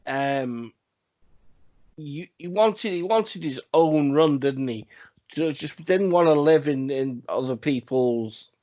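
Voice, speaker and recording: A man with a slightly high voice co-hosts a casual podcast. He rambles, swears freely and repeats himself for emphasis. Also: lively intonation, takes it slowly, darkish tone, muffled recording. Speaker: podcast co-host. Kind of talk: casual wrestling podcast chat.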